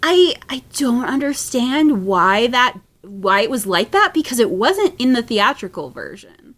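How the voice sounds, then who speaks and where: A woman guest on a chat podcast who talks at an unhurried pace. Her pitch swings widely and she laughs a lot, with many fillers between thoughts. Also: sing-song, fairly bright tone. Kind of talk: casual chat.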